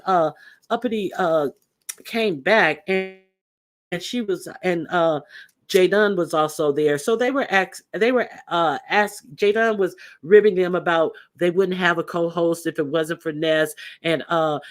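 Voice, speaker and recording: Rambling, confrontational commentary host. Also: medium pitch. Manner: rambling, many fillers and restarts, confrontational. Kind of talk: casual commentary on online drama.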